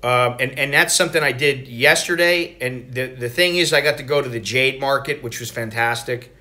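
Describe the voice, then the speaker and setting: A man's voice: mid-range voice, moderate pace. A middle-aged American man talking casually in a travel vlog, rambling and profane as he tells stories. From United States. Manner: rambling, profane, animated storytelling. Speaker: travel vlogger.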